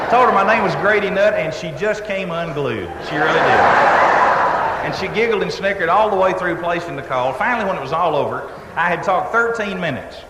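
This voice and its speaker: A Texan man spins a comic tale on stage, his voice sitting a bit high for a man. His delivery is folksy and drawling, with dry little asides. The sound is echoey, carried by a long reverb through a large hall, with a faint murmur of room ambience behind it. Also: background noise. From Texas. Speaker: humorist storyteller. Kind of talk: live comic storytelling.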